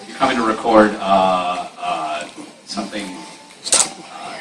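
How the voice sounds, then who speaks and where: A man speaking on a convention panel of voice actors, chatty and quick to laugh. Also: low voice. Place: large convention panel room. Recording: echoey hall from far off, noisy.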